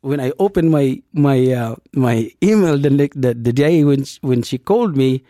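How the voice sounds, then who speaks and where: A man telling a personal story in casual talk, halting and restarting often and speaking English as a non-native speaker. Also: dry recording, studio quality. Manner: halting, with many restarts and fillers; acts out quoted dialogue with lively jumps in pitch. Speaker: storyteller in a conversation.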